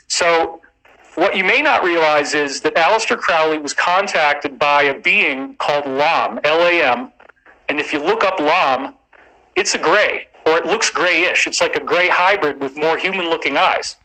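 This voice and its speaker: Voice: medium pitch, animated, moderate pace, pushed and bright, poor audio. A speaker in a played clip, explaining things in a matter-of-fact, conversational way.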